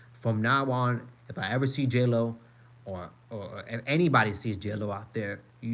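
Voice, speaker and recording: Swearing ranting man streaming live. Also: on the low side. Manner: emphatic, repetitive, swears a lot, keeps addressing viewers. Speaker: live-stream host reacting to a rally. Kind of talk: profane ranting live reaction.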